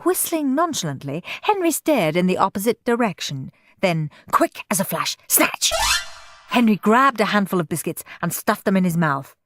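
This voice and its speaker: A woman narrating a children's audiobook in an expressive, playful way. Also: medium pitch, moderate pace, dry recording. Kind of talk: storybook narration.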